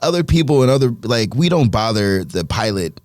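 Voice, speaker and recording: A man from the Washington DC area, a guest DJ talking in an emphatic, lively way with lots of "like" and "you know". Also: medium pitch, brisk, no room sound, studio quality. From Washington DC area, USA. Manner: emphatic, filler-heavy, lively. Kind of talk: casual interview chat.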